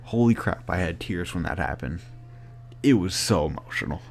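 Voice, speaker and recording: A man giving a casual spoken movie review, excited and rambling with many filler words. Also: low voice, normal speed, creaky, a little hiss or hum.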